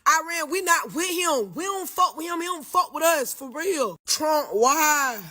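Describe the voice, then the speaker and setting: A man's voice: extremely high pitch, lively intonation, unhurried, bright, forceful tone. A man in his twenties doing an exasperated, profane comedic rant. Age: 20s.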